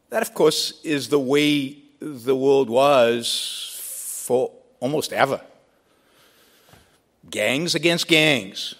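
A man's voice: mid-range voice, drawn-out words, a bit bright. A man giving a debate speech in an emphatic style, building points with rhetorical questions and repeated phrases.

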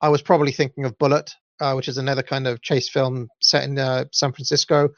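A man's voice: flat delivery, a little fast, no room sound. A young adult man with a Welsh accent, hosting a show and chatting casually through listener comments, with lots of ums and uhs. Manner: rambling, full of ums and uhs. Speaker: podcast host. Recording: dull, low-fidelity audio, dry.

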